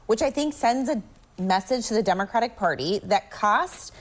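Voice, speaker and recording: A woman commentating on a cable news panel in a measured, analytical way. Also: medium pitch, animated.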